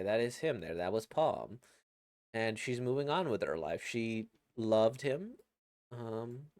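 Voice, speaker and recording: A man's voice: lowish voice, darkish tone, dry recording. A man casually reacting to a webcomic he reads, rambling and reflective, with many fillers and restarts.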